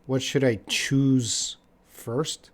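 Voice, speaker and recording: A young man from Canada teaching English live, answering chat questions casually and repeating phrases slowly for learners. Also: medium pitch, steady tone.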